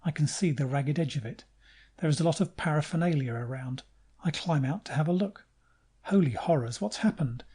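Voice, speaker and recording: Husky dark-voiced male audiobook narrator. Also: a little high, brisk. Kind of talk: first-person audiobook narration.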